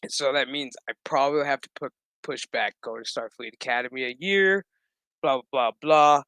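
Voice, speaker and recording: Bright-voiced, foul-mouthed recap vlogger, dry close sound, sarcastic rambling delivery. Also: mid-range voice, normal speed, gravelly, clean tone, no echo. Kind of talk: casual recap commentary.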